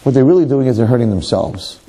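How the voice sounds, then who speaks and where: A man's voice: mid-range voice, animated, quick pace, warm tone. A man, a rabbi giving a lecture, telling a story animatedly with rhetorical questions and self-mocking humor.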